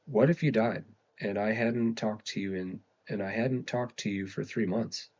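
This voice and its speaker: A man reading aloud and voicing a quiet, caring young woman talking gently to her sister in a storybook. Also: lowish voice, moderate pace, dull audio. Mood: gentle.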